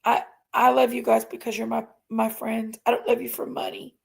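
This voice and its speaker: A woman's voice: fairly high pitch, flat delivery, moderate pace, creaky, slightly rough. A woman hosting a casual livestream, ranting indignantly and emphatically while reading chat aloud. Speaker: live stream host.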